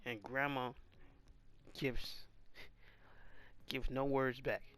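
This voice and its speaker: Casual male watch-along narrator, stammers a lot, bright tense tone. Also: mid-range voice, steady tone, drawn-out words. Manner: stammering, restarting, reading subtitles aloud. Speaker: video host reacting to a boxing anime.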